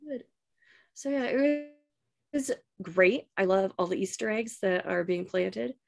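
A woman's voice: medium pitch, lively intonation, a little slow, gravelly. Chatty upbeat woman podcast co-host. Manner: chatty, upbeat, trailing off into soft asides. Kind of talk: casual chat reviewing a TV episode.

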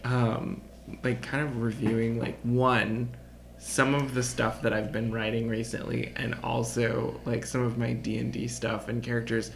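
A man's voice: mid-range voice, flat delivery, measured pace, creaky, slight background noise. A young man co-hosting a podcast in casual chat, chatty and easy to laugh, with lots of fillers. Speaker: podcast co-host.

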